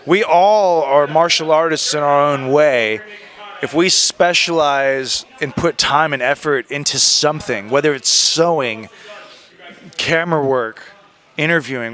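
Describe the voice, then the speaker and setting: A man telling stories as an interview guest in a casual, animated way, slipping into other people's voices. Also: a little high.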